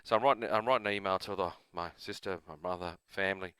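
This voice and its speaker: A man's voice: sits low, fast talker, a bit bright, clear, resonant tone, dry recording. A man with an Australian accent, host of a gaming channel, telling a long rambling story in a casual, self-amused way.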